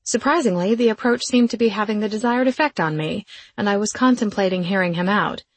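A woman's voice: mid-range voice, fairly quick, slightly rough, no room sound. A woman reading a first-person audiobook in a wry, sardonic storytelling manner. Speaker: audiobook narrator.

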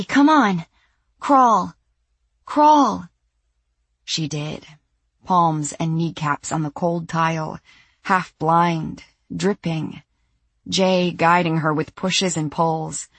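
A woman narrates a thriller audiobook in a husky, low voice. Her pace is slow and measured, with tension underneath. The sound is dry and close. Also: no echo. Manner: measured, tense storytelling.

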